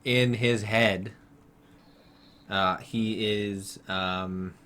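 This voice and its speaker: Low-voiced male game master running a tabletop game, thinks out loud, faint noise behind. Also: fairly even intonation. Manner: halting, thinking aloud.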